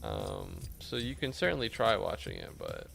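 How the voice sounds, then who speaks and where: A man streaming a game and chatting with viewers in a casual, deadpan, mock-serious way, with some swearing. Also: low-pitched, normal speed, vocal fry, faint music behind. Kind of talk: casual gameplay chat with viewers.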